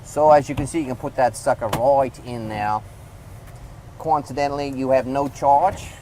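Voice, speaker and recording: A man's voice: medium pitch, normal speed, warm tone, a little hiss or hum, rough recording. A man giving a casual hands-on product review, rambling loosely and talking to the viewer as he demonstrates.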